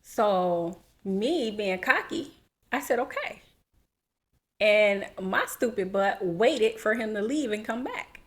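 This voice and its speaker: A woman in her thirties, a podcast co-host, telling a personal story in an animated, casual way and acting out what people said. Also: mid-range voice, takes it slowly. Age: 30s. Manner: animated, acts out quotes, laughs while telling.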